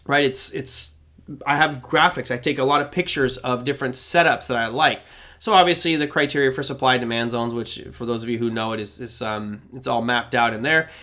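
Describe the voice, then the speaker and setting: A middle-aged man hosts a live trading question-and-answer show, his voice sitting a little higher than most men's. He talks in a loose, conversational way, reading viewer questions aloud and thinking out loud as he answers them. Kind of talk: casual live Q&A.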